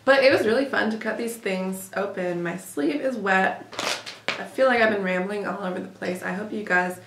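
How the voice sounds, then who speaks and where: A young woman tells a storytime to her vlog audience in a loose, rambling way, full of "like" and the odd curse when she gets worked up. Her pitch sits in the middle range. The room gives her voice a roomy echo. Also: normal speed, background noise. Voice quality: casual, rambling, swears when heated. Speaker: vlogger.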